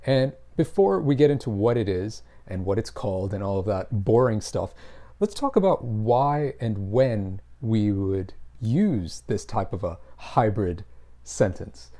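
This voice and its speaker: Patient male teacher with a mellow, relaxed voice, for a scripted lesson. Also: fairly low pitch, a little slow. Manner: patient, explanatory, stresses example phrases. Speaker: English teacher.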